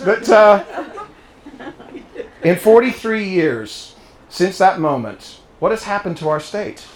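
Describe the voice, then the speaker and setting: A man's voice: high-pitched, expressive, a little slow, pauses often. British man giving a rousing club speech. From England. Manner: storytelling, rallying, quizzes the audience. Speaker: guest speaker. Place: private home, live audience. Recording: echoey room.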